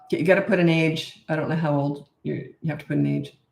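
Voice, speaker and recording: A woman's voice: low-pitched, fairly even intonation, fast talker, vocal fry, a little mellow. Blunt, emphatic woman in her sixties. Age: 60s. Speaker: parenting coach. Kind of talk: answering viewer questions. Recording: echoey room.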